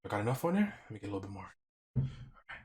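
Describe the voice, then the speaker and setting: A man streaming as he paints, in a quiet, gentle painting-show parody with deadpan dark jokes. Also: fairly low pitch, very fast. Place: home streaming setup.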